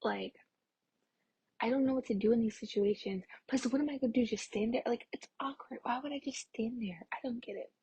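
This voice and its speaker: A young woman talking to camera in a casual vlog, soft-spoken and exasperated, often dropping to a near whisper and filling her sentences with "like.". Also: a little high, fairly quick, low-quality recording. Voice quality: breathy, often half-whispered. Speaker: vlogger.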